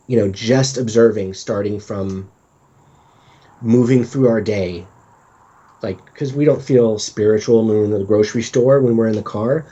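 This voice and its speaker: Mellow husky man, candid and self-deprecating. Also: mid-range voice. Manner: candid, self-deprecating, acts out his own inner voice. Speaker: podcast guest, author. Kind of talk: casual conversational interview. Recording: dull lo-fi sound.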